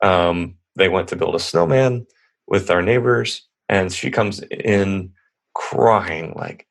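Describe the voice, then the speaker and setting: A man's voice: deep voice, a little slow. A man in his thirties, a podcast guest, telling stories in a rambling, earnest, casual way. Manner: rambling, earnest, lots of restarts. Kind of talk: casual conversational storytelling.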